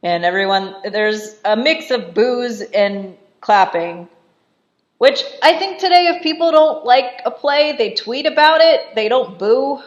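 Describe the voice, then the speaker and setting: A woman's voice: a little high, animated, highs cut off. A woman giving casual, chatty film commentary, often laughing and briefly acting out the characters' lines. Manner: chatty, giggly, acts out quotes in quick voices.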